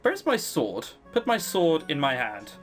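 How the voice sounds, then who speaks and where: A man voicing a fierce young pirate woman from a visual novel, with a sharp, demanding manner. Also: on the high side, wildly swooping pitch, measured pace, soft background music.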